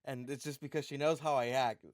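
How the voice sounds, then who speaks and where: A man's voice: medium pitch, fairly even intonation, brisk, dry recording. Brief: man, podcast guest, swears freely, rambling anecdote, dry close sound. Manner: profane, rambling storyteller. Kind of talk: casual chat.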